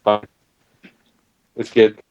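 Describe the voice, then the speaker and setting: A man's voice: very slow, darkish tone. A man co-hosting a podcast in casual chat, remote on a phone app, speaking in short interjections and brief questions. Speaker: podcast co-host. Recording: dull lo-fi line from a phone app.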